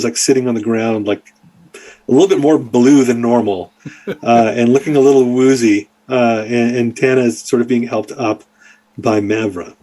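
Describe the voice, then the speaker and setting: A man's voice: mid-range voice, mellow. A man narrating as dungeon master, rambling and full of fillers as he describes the scene. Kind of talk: narrating a tabletop game.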